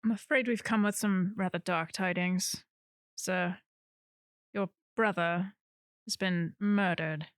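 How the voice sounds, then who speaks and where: A woman playing a tabletop game, speaking politely and softly in character. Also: lowish voice, steady tone, takes it slowly, clear, resonant tone, no echo, clean studio sound. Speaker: player. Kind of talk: casual tabletop play.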